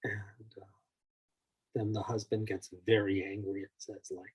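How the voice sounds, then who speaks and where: A man's voice: low voice, little pitch movement, unhurried, darkish tone, breathy edge, poor audio. A male therapist explaining personality types through examples in a loose, conversational way, full of "like" and "you know", now and then acting out the people he describes. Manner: acts out the people in his examples.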